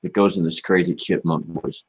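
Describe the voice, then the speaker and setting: A man's voice: deep voice, steady tone, normal speed, husky. A man hosting a casual livestream, talking in a laid-back, rambling way and dropping "man" and "you know" often. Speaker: livestream host.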